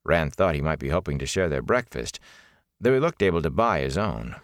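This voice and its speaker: Deep-voiced male audiobook narrator. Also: very animated, fairly quick, no echo, studio quality. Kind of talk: scripted fantasy narration.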